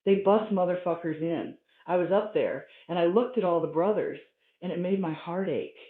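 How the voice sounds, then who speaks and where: A man doing a stand-up routine, telling stories in a profane, animated way. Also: sits high, normal speed. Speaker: stand-up comedian. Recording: tinny, roomy live recording.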